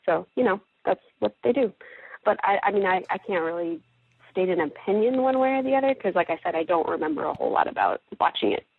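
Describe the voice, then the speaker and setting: A woman's voice: medium pitch, animated, fast, vocal fry, slightly rough, dry recording. A young woman, a guest voice actress, chatting casually in an interview with lots of "like" and "you know". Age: young adult. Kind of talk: casual interview over the phone. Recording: tinny phone line.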